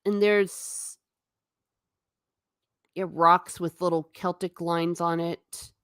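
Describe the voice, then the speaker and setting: Chatty, low-voiced woman live-streaming. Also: level tone, takes it slowly, fairly bright tone, clear, resonant tone, no echo, studio quality. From not Irish. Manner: chatty, laughs often, stumbles and repeats words. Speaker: livestream host. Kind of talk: casual live-stream chat with viewers.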